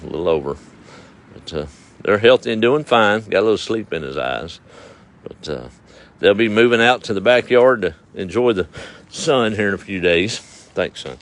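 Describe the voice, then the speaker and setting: Folksy man livestreaming outdoors. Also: fairly low pitch. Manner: folksy, drawling, chuckles often. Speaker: livestream host. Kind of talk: casual live chat reading viewer comments. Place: outdoors at dusk. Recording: faint outdoor noise with passing vehicles.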